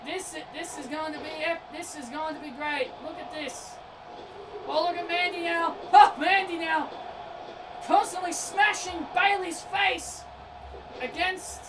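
A woman doing excitable play-by-play wrestling commentary over a video game, often shouting and tripping over her words. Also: very high voice. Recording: distant mic with noisy background.

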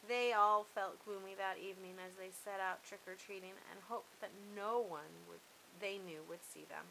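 Storyteller woman, bright, expressive read-aloud, mid pitch. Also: normal speed, creaky, a little hiss or hum, rough recording.

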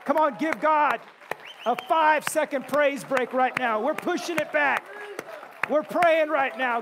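A male pastor preaching a sermon in a church, impassioned, breaking into shouts and joking asides. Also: extremely high pitch, unhurried, a crowd in the background, background noise. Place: church sanctuary.

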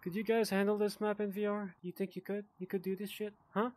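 A man's voice: high-pitched, little pitch movement, brisk, darkish tone. Tipsy man swearing through a game. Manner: swears a lot, frustrated outbursts and mumbled asides. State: tipsy from drinking. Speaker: VR gamer. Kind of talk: casual gameplay commentary.

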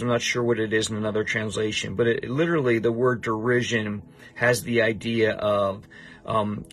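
A man's voice: medium pitch, fairly bright tone. A middle-aged man teaching a Bible passage to a student, emphatic and repeating his points.

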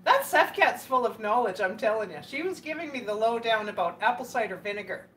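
A woman's voice: a little high, lively intonation, fairly quick, a bit bright, slight background noise. A Canadian woman chatting casually with viewers while cooking, laughing often and greeting people by name. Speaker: cooking livestream host.

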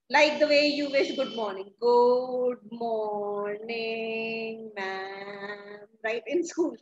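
A woman's voice: sits high, highs cut off. A woman, a teacher explaining a story to her class, asking questions and often restarting her sentences. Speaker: English teacher.

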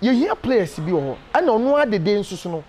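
A Ghanaian man giving an animated, emphatic casual interview, full of hesitation fillers. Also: sits high, a little fast. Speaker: interview guest.

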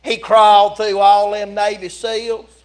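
A man preaches in a church, his voice sitting fairly high for a man. He tells the story in a folksy, animated way, swinging from loud calls to hushed asides. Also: measured pace. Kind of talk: sermon. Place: church sanctuary.

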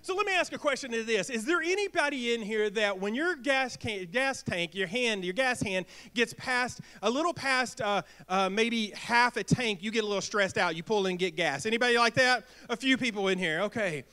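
A man preaching a sermon in a church, energetic, asking the congregation questions and acting out little quips. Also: very high-pitched, moderate pace, hardly any pauses, smooth. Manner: energetic, asks the crowd questions and acts out quips. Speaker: pastor. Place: church sanctuary.

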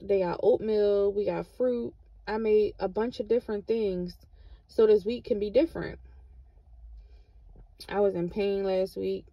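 Encouraging woman with a gravelly voice. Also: mid-range voice, steady tone, measured pace, long pauses, no echo, lo-fi sound. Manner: repetitive, encouraging, with Christian references. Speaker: vlogger. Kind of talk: motivational vlog talk.

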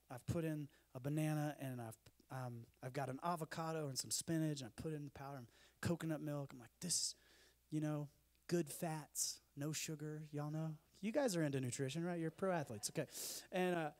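A man, giving a conference talk full of self-deprecating humorous stories. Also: on the high side. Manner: animated, self-deprecating storyteller. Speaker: speaker. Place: conference stage.

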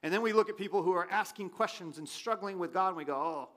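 A pastor preaching a sermon in a church, his voice swinging from loud questions to quiet asides. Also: sits high, quick pace. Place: church sanctuary.

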